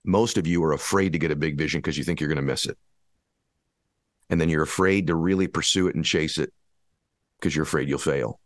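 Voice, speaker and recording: A man's voice: extremely low pitch, fairly quick, long pauses, no room sound. A man giving an impassioned motivational talk, hammering his points with repeated rhetorical questions. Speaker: motivational speaker.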